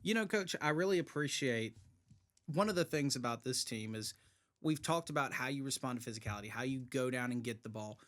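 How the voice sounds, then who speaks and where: A man's voice: medium pitch, lively intonation, a little fast, a bit bright. Friendly male sports show host. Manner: conversational, asks questions in a friendly way. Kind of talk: casual sports interview.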